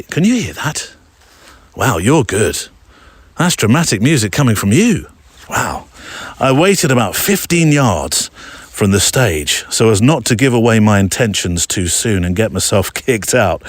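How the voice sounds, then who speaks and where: A man's voice: fairly low pitch, no echo. A man hosting a photography podcast, reading a listener's letter aloud and breaking off for playful, jokey asides to the audience. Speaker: podcast host.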